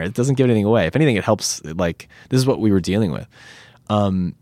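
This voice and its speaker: Low-voiced man, animated. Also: rapid-fire, dry recording. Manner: animated, rambling, acts out quotes. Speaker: actor guest. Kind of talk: casual interview chat.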